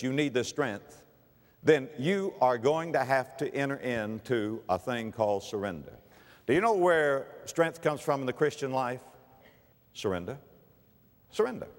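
A man preaching a sermon, swinging between raised, emphatic lines and hushed, low passages. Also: in a large hall. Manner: dramatic preaching with sudden drops to a hushed, low delivery. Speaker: pastor.

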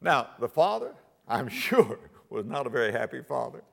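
A man preaching a sermon, quoting scripture in old-fashioned wording and swinging his voice high and low for emphasis. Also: very animated, normal speed, gravelly. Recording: long hall reverb.

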